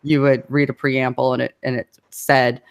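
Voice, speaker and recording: A woman's voice: very deep voice, little pitch movement, normal speed, smooth. A woman as an interview guest, talking casually in a rambling way with fillers, restarts and frequent laughs. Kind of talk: casual conversation.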